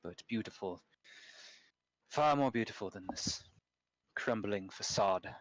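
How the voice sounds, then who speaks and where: A man voicing a brooding, imperious vampire lord, speaking slowly and formally with a put-on accent. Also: fairly low pitch, dry recording, close to an everyday voice, poor audio. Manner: slow, formal, measured speech with a put-on accent.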